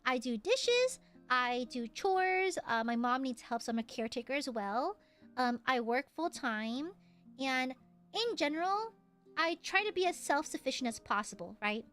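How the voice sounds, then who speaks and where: A woman's voice: high voice, animated, normal speed, a bit bright, faint music behind. A young woman streamer in casual chat, rambling and laughing often. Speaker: VTuber streamer.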